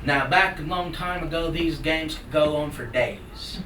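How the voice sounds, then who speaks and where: A man from the Cherokee Nation telling a traditional story to a live audience in a folksy, animated way with playful sound effects. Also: fairly high pitch, a little slow. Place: live salon event. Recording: roomy hall from far off. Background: audience laughter and room noise.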